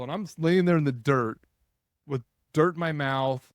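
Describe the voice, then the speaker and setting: A man's voice: on the high side, normal speed, no echo, clean studio sound. Man in his forties telling a rambling story. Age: 40s. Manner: animated, rambling with restarts and quoted inner thoughts. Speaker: podcast guest. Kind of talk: casual storytelling.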